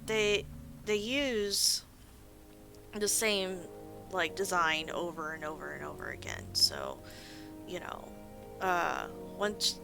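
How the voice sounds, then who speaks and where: A tired, yawning woman with a lowish, sing-song voice talks slowly with vocal fry and frequent pauses, over music on a poor-quality recording. As a let's play host, she gives relaxed gameplay commentary, rambling sleepily and making fun of her own slips.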